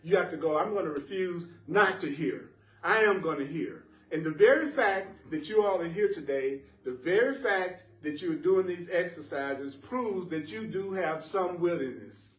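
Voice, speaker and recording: A man teaching a live spiritual class to listeners in the room, animated and playful, laughing at his own jokes and repeating phrases for emphasis. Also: sits high, moderate pace, hardly any pauses. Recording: roomy echo, voice picked up from a distance.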